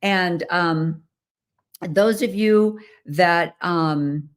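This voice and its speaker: A woman's voice: fairly low pitch, very slow. An American woman hosting a podcast, talking casually in a chatty, rambling way with many fillers and restarts. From United States. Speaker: podcast host. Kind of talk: casual solo talk.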